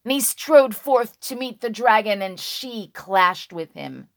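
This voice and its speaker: A woman telling a dragon folk tale slowly and dramatically, dropping to a hush and rising on key words. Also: medium pitch, lively intonation. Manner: slow, hushed and dramatic, with sudden loud words. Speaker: storyteller.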